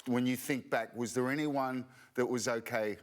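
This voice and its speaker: A man's voice: mid-range voice, steady tone, normal speed. An Australian man on a sports panel, talking in an easygoing way and asking follow-up questions. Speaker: panel host. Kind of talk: casual panel chat.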